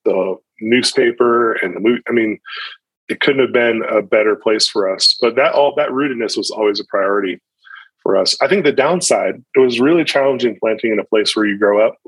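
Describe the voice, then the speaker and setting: A pastor in his thirties speaks in a low, husky voice, thinking aloud and circling back on his words as he answers an interviewer. The sound is close and dry, with no room around it. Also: a little fast, a bit bright, no echo, low-quality recording. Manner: reflective, with frequent restarts and fillers. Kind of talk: podcast interview conversation.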